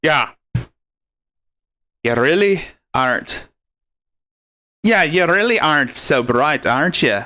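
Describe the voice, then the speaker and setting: A man's voice: fairly high pitch, expressive, slow pace, pauses often, pushed and bright. A man hosting a live commentary show, talking in a sarcastic, scornful and rambling way. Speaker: commentary host.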